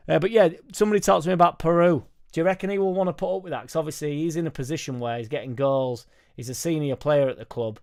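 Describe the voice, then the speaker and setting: A man hosting a football fan live stream, chatting casually and reading viewer comments aloud in a rambling, sweary, jokey way into a studio microphone on a boom arm. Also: a little mellow, clean tone. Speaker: football fan channel host.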